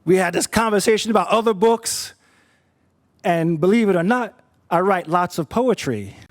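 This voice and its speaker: A man telling a personal story in an easy, conversational way, often repeating a word as he gathers his thoughts. His voice sits high for a man. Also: expressive, normal speed. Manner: conversational, repeats words while thinking.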